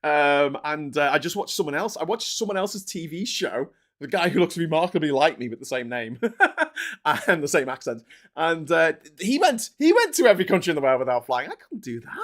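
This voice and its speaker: His voice is a little high and his pace moderate as this man hosts a live stream. Rambling and lively, he laughs, swears, and reads out what viewers send in.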